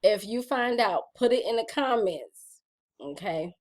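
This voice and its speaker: Chatty woman with lively pitch. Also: unhurried. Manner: chatty, playful, addresses viewers as y'all. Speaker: vlogger reading her gratitude journal. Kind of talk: casual chat.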